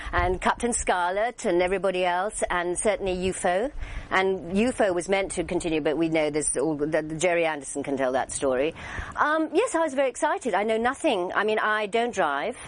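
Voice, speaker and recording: Older english lady, lowish voice, chatty interview stories, lots of ums and restarts. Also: normal speed, poor audio. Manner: lively storyteller, acts out quoted voices; chatty, many fillers and restarts. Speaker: actress interviewee. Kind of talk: anecdotal interview.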